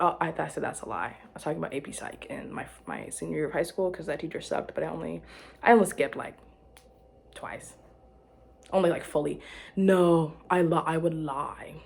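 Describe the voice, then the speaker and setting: A young woman with a slightly low, breathy voice rambles through a personal story, correcting herself mid-sentence and giggling along the way. The talk is loose and casual, like chatting with a friend. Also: a little fast. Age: young adult. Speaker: vlogger. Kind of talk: casual chat.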